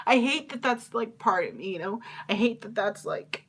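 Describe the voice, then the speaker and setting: A young woman hosting her own podcast, speaking in a confessional, halting way, tearful with a cracking voice. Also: on the high side, animated. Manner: emotional, halting, confiding. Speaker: podcast host.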